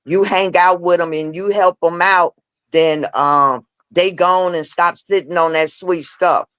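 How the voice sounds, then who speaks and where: A woman's voice: lowish voice, unhurried, clear, resonant tone, no room sound. Frank storytelling woman with a dry sound. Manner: animated, acts out dialogue in her stories. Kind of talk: candid storytelling chat.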